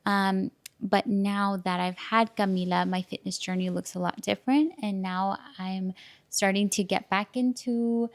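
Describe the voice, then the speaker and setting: A woman's voice: medium pitch, steady tone, unhurried. A young woman co-hosting a casual podcast conversation, chatty and giggly, with frequent ums. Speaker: podcast co-host.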